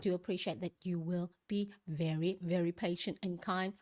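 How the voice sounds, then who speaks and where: A chatty woman hosting a casual live stream, greeting each viewer by name and laughing often. Her voice is a little croaky this early in the morning, and she talks easily and warmly to the chat. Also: fairly low pitch, moderate pace.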